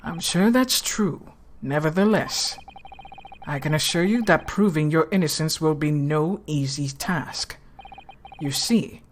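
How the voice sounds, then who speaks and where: A woman voicing a grave, calm older gentleman in a put-on British accent, speaking softly and slowly as she reads game dialogue aloud. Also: deep voice, slight background noise. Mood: solemn. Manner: soft, slow and solemn.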